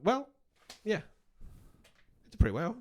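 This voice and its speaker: A man's voice: sits high, wildly swooping pitch, takes it slowly. A man co-hosting a casual podcast chat, rambling and breaking off mid-sentence, laughing often. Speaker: podcast co-host. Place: garage.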